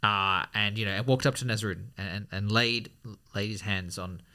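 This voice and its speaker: A man co-hosting a casual podcast, chatting and telling a joke with lively acted-out voices. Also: on the low side, normal speed, clean tone. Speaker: podcast co-host. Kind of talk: casual conversation.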